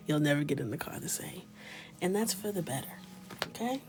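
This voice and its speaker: A woman in her thirties chatting in a mostly whispered, joking way while coloring, with sudden loud shouts. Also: sits low. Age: 30s. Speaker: coloring livestreamer. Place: small closet with a ring light.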